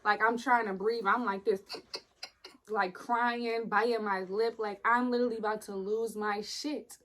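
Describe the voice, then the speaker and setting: A woman's voice: a little high, steady tone, a little slow, a bit bright, rough recording. A young woman, casually telling the story of a painful hospital stay, blunt and profane, acting out the other people in it.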